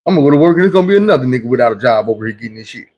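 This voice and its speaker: A man's voice: mid-range voice, lively intonation, very fast, dull audio. A man on a livestream giving blunt, preachy street talk in a casual monologue, acting out the people he quotes. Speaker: livestream host.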